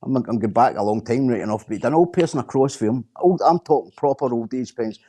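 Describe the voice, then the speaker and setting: A man's voice: mid-range voice, fast, warm tone. Scottish guy ranting on a stream, blunt and sweary, keeps repeating himself. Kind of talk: casual chat.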